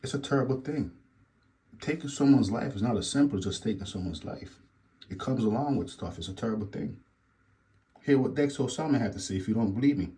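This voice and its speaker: A man's voice: mid-range voice, lively intonation, brisk, mellow. A man hosting a reaction commentary, repeating phrases and lecturing about street life. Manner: repetitive, preachy, says "believe it or not". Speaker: commentary host.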